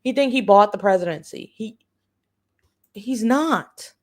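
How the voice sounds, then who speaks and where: A woman's voice: mid-range voice, expressive, a little slow, long pauses. A woman hosting a livestream and giving blunt, profane, sarcastic political commentary, repeating phrases for emphasis. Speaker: livestream host.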